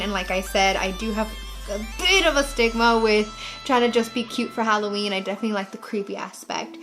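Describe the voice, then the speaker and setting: Bubbly young woman gushing over makeup. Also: on the high side. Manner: bubbly, gasping, jokey and excitable. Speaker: makeup vlogger. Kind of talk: casual makeup tutorial chat.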